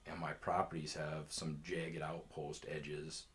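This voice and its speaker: Casual male storyteller, very low voice, rambling and swearing. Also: little pitch movement, takes it slowly, a bit bright. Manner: rambling, profane, laid-back.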